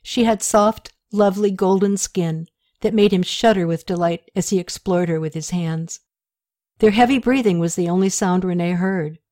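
A woman narrating an audiobook in a steady, even reading manner. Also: on the low side, normal speed, no room sound, studio quality.

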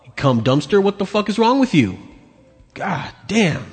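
A man's voice: sits high, big pitch swings, moderate pace, slightly rough, faint music behind. A man hosting a podcast, ranting angrily and crudely as he comments on video clips. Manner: angry, profane, mocking. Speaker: podcast host. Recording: long hall reverb.

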